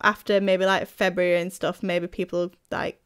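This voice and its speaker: A woman's voice: on the low side, flat delivery, normal speed, clear, resonant tone, no room sound. Chatty woman in her twenties. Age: 20s. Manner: chatty, rambling, frequent fillers and laughs. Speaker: podcast co-host. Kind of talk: casual chat.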